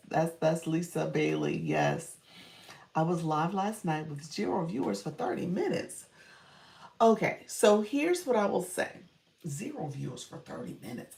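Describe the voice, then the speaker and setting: A woman's voice: low-pitched, vocal fry, roomy sound, recorded from a distance. A woman coaching on a livestream in casual chat, reading comments, laughing often and thanking viewers by name.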